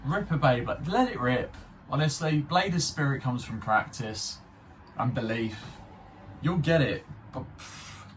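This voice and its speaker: A young vlogger reviews a spinning top toy without a script, rambling, swearing, and mocking himself. His medium-pitched voice is fairly bright, recorded from a distance with slight background noise.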